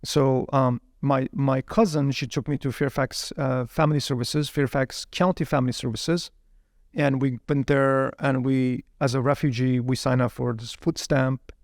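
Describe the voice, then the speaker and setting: A man telling his life story as an interview guest, animated, often repeating words while he searches for the next one. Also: mid-range voice, normal speed, no echo, clean studio sound. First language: Uyghur.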